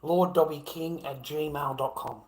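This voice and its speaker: A swearing, mocking Australian man in his fifties rants through a casual livestream. His voice sits a little high for a man, and the echoey room rings around every word. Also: fairly even intonation, a little slow, a little mellow, slight background noise. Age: 50s. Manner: profane, ranting, mocking.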